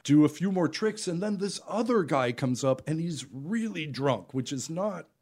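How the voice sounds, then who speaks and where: Animated, laughing male storyteller. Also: fairly high pitch, normal speed. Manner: animated, laughing, many fillers and restarts. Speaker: guest, juggler. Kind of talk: storytelling in casual conversation.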